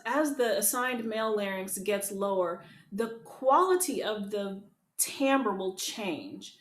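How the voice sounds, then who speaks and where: A woman voice teacher leading an online group lesson, upbeat and encouraging, talking to people in the chat. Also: mid-range voice. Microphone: video call. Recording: echoey room with keyboard.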